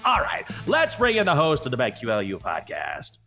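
A man co-hosting a sports betting show, introducing a guest with playful excitement. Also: medium pitch, moderate pace, faint music behind. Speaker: co-host. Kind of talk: casual sports show banter.

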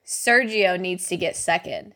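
A woman's voice: lowish voice, a little slow, pushed and bright. A woman co-hosting a casual podcast, telling stories in a chatty way and checking in with her listeners as she goes. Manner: chatty storyteller, checks in with "okay?". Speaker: podcast co-host. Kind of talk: casual chat.

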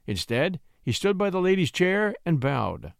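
Brief: male audiobook narrator, expressive and measured, slightly high voice. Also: creaky, no echo, clean studio sound. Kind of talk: storybook narration.

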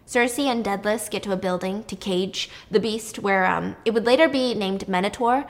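A woman's voice: medium pitch, moderate pace. A woman casually retelling a myth in a chatty, irreverent way, swearing now and then. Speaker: storyteller.

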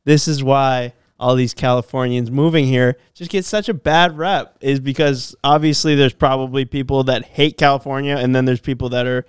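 Smooth-voiced man telling a story. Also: mid-range voice, steady tone, normal speed, few pauses, no echo, studio quality. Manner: storytelling, acts out quoted people. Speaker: podcast co-host. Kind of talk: casual chat.

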